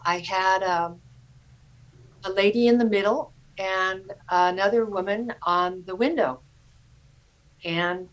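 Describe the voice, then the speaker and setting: A woman slowly telling a personal story to a meditation group over a video call, earnest and halting, with pauses and fillers. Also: mid-range voice, rough recording.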